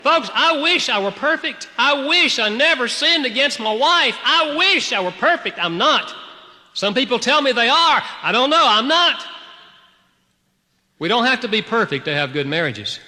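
A male pastor with a high, lively voice, preaching to a congregation. He tells his story with energy, rising to loud peaks and dropping to quiet tones. His voice is bright and carries a long reverb from a large hall. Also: moderate pace. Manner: animated storytelling, shifting from loud to hushed. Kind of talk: sermon.

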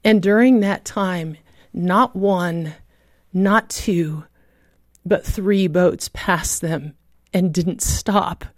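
A woman's voice: lowish voice, extremely slow, no room sound, studio quality. Earnest woman telling a rescue testimony. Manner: earnest storytelling with vivid reenacted shouts. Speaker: guest telling a personal story. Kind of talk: emotional testimony.

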